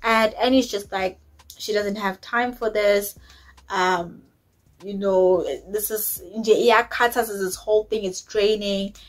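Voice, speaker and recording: A woman's voice: mid-range voice, fairly even intonation, measured pace, rough recording. A woman, chatting opinionatedly as she recaps a reality show episode, dropping in isiZulu words. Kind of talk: casual recap chat.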